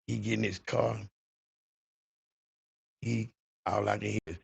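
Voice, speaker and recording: A man hosting a podcast, telling a story in an animated, profane way and talking to his listeners directly. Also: fairly low pitch, a little slow, gravelly, pauses often, slightly rough, muffled recording. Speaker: podcast host. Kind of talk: dramatic storytelling.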